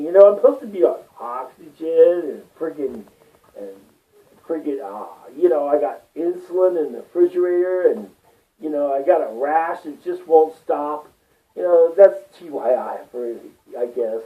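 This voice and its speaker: A man's voice: on the high side, big pitch swings, moderate pace. A man rambling through a personal monologue, swearing often and getting worked up as he talks. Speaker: vlogger. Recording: distant tinny phone-like sound.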